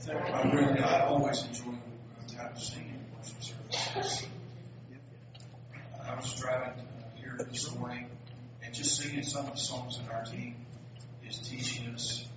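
A man's voice: mid-range voice, flat delivery, unhurried, heavy background noise. A pastor with a Southern US accent preaching a sermon, folksy and joking as he tells stories. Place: church sanctuary. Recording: echoey hall, distant dull mic.

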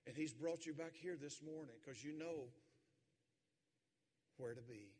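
A man preaching a sermon as pastor, swinging from quiet talk to loud, emphatic preaching in a church sanctuary. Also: a little high, unhurried, slightly rough. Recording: long hall reverb.

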